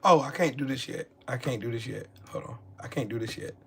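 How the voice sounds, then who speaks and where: A man hosting a live stream, casually cutting in to pause the clips he is reacting to, halting and repetitive as he talks. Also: medium pitch, creaky, husky.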